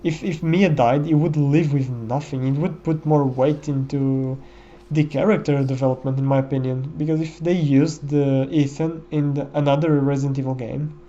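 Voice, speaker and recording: A man's voice: fairly high pitch, steady tone, normal speed, hardly any pauses, mellow, highs cut off. A man giving casual gameplay commentary in a reflective, musing way, often tagging his thoughts with "you know.".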